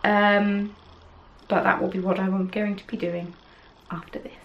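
A woman's voice: mid-range voice, flat delivery, a little slow, vocal fry, lo-fi sound, slight background noise. A woman hosting a podcast, chatting casually and rambling with self-deprecating asides, recorded at home on camera. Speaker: podcast host. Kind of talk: casual chat.

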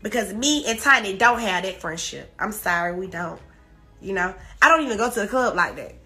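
A woman's voice: medium pitch, animated, a little fast, bright, forceful tone, soft background music. A woman crying as she rants on a live stream, repeating emphatic, defensive denials. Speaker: social media personality on a live stream. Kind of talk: emotional livestream rant.

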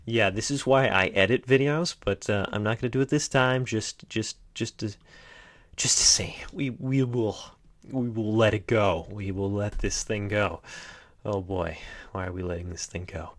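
A young man vlogging unscripted, chatty and self-mocking, often trailing off into quiet mutters. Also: fairly low pitch, measured pace. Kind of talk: unscripted rambling vlog.

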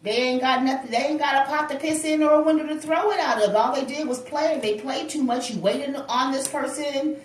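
A woman's voice: high-pitched, a little fast, few pauses, slight background noise. A woman giving a casual tarot reading, talking straight to her viewers in an emphatic, chatty way. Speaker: tarot reader. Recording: roomy echo, distant from the mic.

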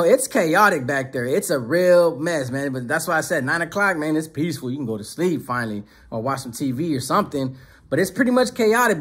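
A man's voice: fairly high pitch, fairly bright tone, breathy edge. A man telling a prison story in a casual, streetwise way, full of slang.

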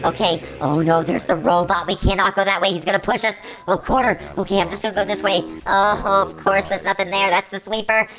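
A woman narrating her own gameplay live, and panic sends her words tumbling out in quick repeats. She plays a playful robot persona, with a voice that sits mid-range for a woman. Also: mid-range voice, steady tone, poor audio. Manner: frantic, repeats words rapidly when panicking; playful robot persona, calls herself an artificial intelligence. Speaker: gaming video host.

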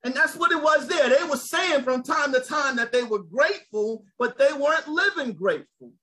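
A man preaching a sermon, lively and conversational, calling out to his listeners. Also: very high voice, normal speed, low-quality recording. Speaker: pastor.

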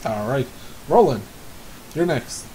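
A man running a tabletop game as game master, laughing often and filling pauses with "like" and "uh". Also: mid-range voice, lively intonation, mellow, rough recording. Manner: laughs often, many fillers.

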